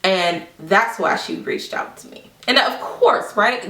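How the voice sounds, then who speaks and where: A woman vlogger casually telling a personal story to the camera, quoting people with lively, exaggerated voices. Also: medium pitch, slow, few pauses. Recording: echoey room, mic at a distance.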